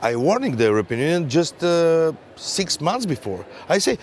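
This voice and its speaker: Emphatic man, halting English. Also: on the high side, big pitch swings, darkish tone, slight background noise. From Bulgaria. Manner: emphatic, halting, non-native English with many fillers. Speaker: member of European Parliament. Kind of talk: round table discussion.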